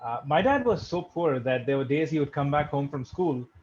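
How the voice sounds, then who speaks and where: A man's voice: fairly high pitch, animated, normal speed, darkish tone, muffled recording, a little hiss or hum. A young man from India doing a stand-up set online, with dry, self-deprecating jokes and chuckles. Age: young adult. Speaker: stand-up comedian.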